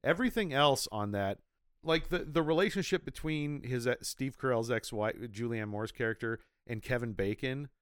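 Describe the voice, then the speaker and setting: A man's voice: medium pitch, moderate pace, clear, resonant tone, dry recording. Rambling male podcast co-host, dry sound. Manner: rambling, tangent-prone storyteller. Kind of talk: casual chat.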